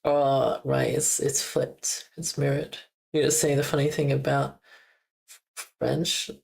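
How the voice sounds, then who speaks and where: Speaking at a measured pace in a bass voice that's level, slightly mellow and touched with vocal fry, a young woman streamer keeps things casual. She giggles and jokes around while echoing words from the game she's playing.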